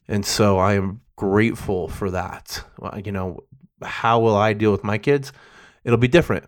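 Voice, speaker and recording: A middle-aged man giving a candid personal monologue, emotional and profane, rambling with restarts. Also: lowish voice.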